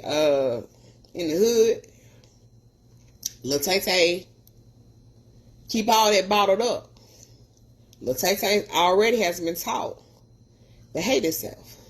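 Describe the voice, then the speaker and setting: A woman's voice: medium pitch, husky. A woman podcast host telling stories in an earnest, preachy way, acting out the people she quotes. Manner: earnest, preachy, animated retelling with voiced quotes. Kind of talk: storytelling monologue.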